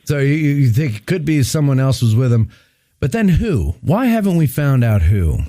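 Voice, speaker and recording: A man's voice: medium pitch, very animated, normal speed, dark tone, no echo, studio quality. A man hosting a talk show with callers, casual and teasing, laughing often. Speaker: host.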